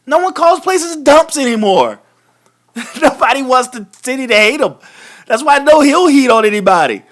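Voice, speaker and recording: A man hosts a live wrestling recap and rants in a loose, profane, animated way. His pitch swings up and down a lot, and he breaks into laughs often. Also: moderate pace. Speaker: host of a wrestling recap show. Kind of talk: live casual commentary recap.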